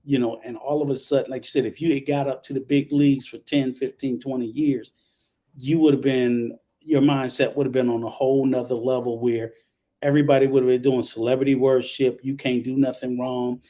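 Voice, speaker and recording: A man's voice: medium pitch, level tone, a little fast, warm tone. A man hosting a casual online talk show, speaking in a conversational, emphatic way. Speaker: host.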